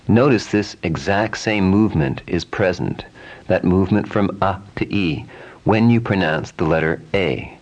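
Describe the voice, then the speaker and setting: A man teaching Sanskrit pronunciation, speaking calmly and repeating vowel sounds again and again as drills. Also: deep voice, moderate pace. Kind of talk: slow, deliberate pronunciation lesson.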